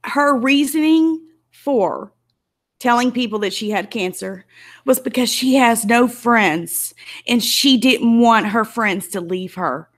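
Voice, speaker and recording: A woman's voice: a little high, expressive, slow pace. A woman YouTuber giving an angry, emotional commentary, tearful and indignant as she talks. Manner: emotional, indignant, close to tears.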